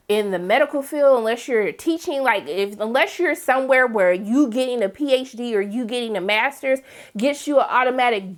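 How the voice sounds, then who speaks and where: A woman giving a casual, opinionated recap of a TV episode, talking straight to her viewers and breaking into acted quotes of the characters. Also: on the high side. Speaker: TV recap reviewer.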